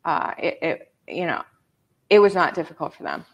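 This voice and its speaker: A woman's voice: deep voice, very animated, moderate pace, gravelly. A woman hosting a casual livestream chat, blunt and joking, often laughing as she talks. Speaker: host.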